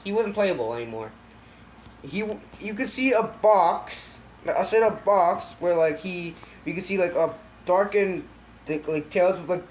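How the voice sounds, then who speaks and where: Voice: medium pitch, slight background noise. A speaker casually retelling a creepy game story, full of fillers, restarts and wry asides.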